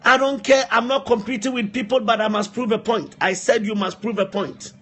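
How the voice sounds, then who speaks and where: Male preacher, high voice, repeats lines hard for emphasis, faint room hum. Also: fairly even intonation, a little fast, a bit bright. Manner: repetitive, emphatic exhortation, asides to helpers. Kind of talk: live-streamed sermon.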